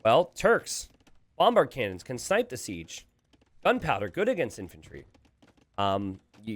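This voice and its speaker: Lively male game caster, dry close mic. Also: mid-range voice, no echo. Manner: animated, thinking aloud, quick asides to chat. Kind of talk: live game commentary.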